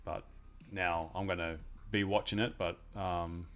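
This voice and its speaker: A man's voice: low voice, fairly even intonation, measured pace, a bit bright, soft background music. A young man hosting a live trading stream, chatting casually in a laid-back way. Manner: laid-back, chatty, trails off mid-sentence.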